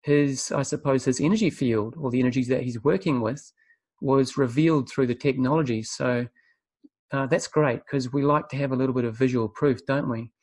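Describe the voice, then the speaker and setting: A man presenting a spiritual webinar, telling his story earnestly and reflectively, often pausing to find his words. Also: medium pitch, darkish tone, no echo. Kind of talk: spiritual talk, personal testimony.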